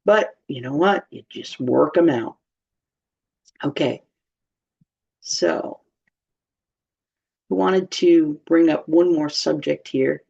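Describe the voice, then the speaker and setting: A woman's voice: low voice, takes it slowly, gravelly, long pauses, darkish tone, slightly rough. A woman giving informal, humorous Bible teaching in a chatty way, laughing often. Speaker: church teacher. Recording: slightly dull lo-fi sound.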